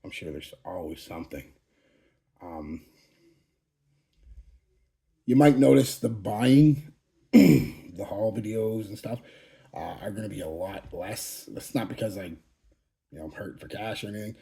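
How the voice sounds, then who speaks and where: A man in his forties gives a rambling channel update, blunt and casually profane, often restarting his sentences. His voice sits fairly low, with a dark, mellow tone. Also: lively intonation, measured pace, creaky, pauses often. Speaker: fragrance channel host.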